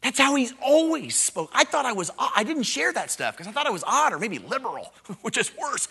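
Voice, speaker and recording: A man preaching a revival sermon as an evangelist, earnest and self-deprecating, dropping to hushed storytelling and rising to loud emphatic bursts. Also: very high-pitched, big pitch swings, fairly quick, hardly any pauses, slightly rough.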